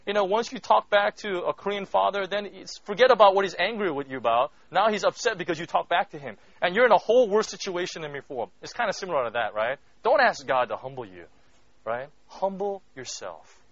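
Man, pastor, sermon, conversational, loud bursts then hushed passages, slightly high voice, muffled lo-fi sound. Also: expressive, quick pace, no echo. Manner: conversational, keeps asking "right?"; swings between loud emphatic bursts and hushed moments. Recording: dull lo-fi recording.

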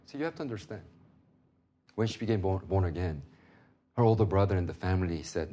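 Lively preaching pastor, low voice. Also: male voice, quick pace, long pauses. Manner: animated, swings from loud preaching to hushed storytelling. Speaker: pastor and seminary teacher. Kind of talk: sermon with personal stories.

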